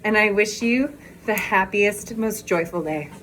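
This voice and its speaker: A woman's voice: mid-range voice, measured pace, a little hiss or hum. A woman chatting on a walking vlog, out of breath and laughing often, recorded on a phone outdoors. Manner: bubbly, laughs often, excitable. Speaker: vlogger. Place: outdoors on a walk.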